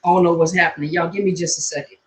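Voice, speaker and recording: Talking very fast in a lowish, steady voice, a Washington state counselor greets her livestream viewers by name. She's broadcasting casually from her phone at home, where it's hot and she's sweaty.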